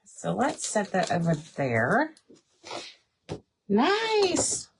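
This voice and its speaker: A woman's voice: medium pitch, expressive, measured pace. Woman, friendly craft livestream host, chats with viewers, phone mic, faint hiss. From Arkansas, southern United States. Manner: chatty, greets viewers by name, says "y'all". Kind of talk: casual live craft unboxing chat. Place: indoor home craft space.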